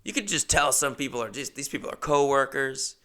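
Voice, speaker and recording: Young male comic host, chatty and animated, crisp gravelly voice. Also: mid-range voice, fairly quick. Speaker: comedian host. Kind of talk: comedic storytelling monologue.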